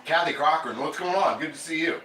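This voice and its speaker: A man's voice: on the high side, fairly quick, bright, forceful tone, echoey room, soft background music, rough recording. A man hosting a casual cooking livestream from his home kitchen, chatting loosely and reading viewer comments aloud. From Ohio. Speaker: cooking channel host.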